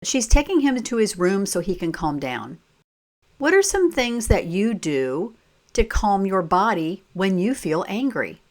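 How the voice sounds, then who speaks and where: A woman reading a children's picture book aloud as a teacher, pausing to ask the listeners simple questions. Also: medium pitch, big pitch swings. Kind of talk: slow read-aloud storytime with questions.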